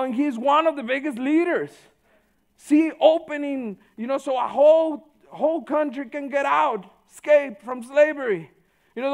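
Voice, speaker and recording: High-voiced man preaching casually. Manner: informal, peppered with "you know", swings between loud and hushed. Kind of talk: conversational sermon.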